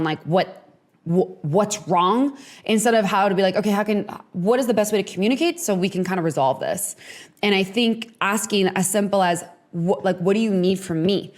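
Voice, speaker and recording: A young woman chats her way through advice on her podcast, filling her talk with "like" and "you know". Her voice sits a little low for a woman. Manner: chatty, frequent "like" and "you know". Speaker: podcast host.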